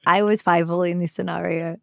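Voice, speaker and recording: An Australian woman in her thirties chats as an interview guest. Her voice sits a little low, recorded close and dry. She talks freely, peppered with fillers and quick laughs. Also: fairly even intonation, vocal fry, fairly bright tone, no echo. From Sydney, Australia. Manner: chatty, laughs easily, many "like" fillers. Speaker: actor, guest. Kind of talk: casual interview chat.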